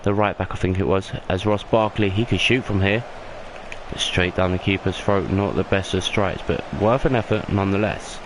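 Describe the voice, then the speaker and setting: This young gaming YouTuber calls his own video game football match at a moderate pace, offering casual mock commentary. His voice is lowish but rises with excitement at big moments, captured at home amid plain background noise.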